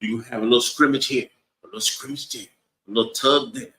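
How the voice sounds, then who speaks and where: Preachy guy teaching bible class, bright sharp voice, echoey room. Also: mid-range voice, steady tone, fast talker. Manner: preachy, asks the room "right?" over and over.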